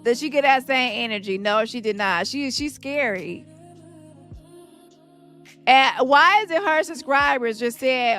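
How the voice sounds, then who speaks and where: Woman host, taunting and confrontational, high and bright voice, faint music behind. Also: animated, measured pace, pauses often. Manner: taunting, confrontational, addresses viewers directly. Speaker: livestream host. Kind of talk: heated reaction commentary.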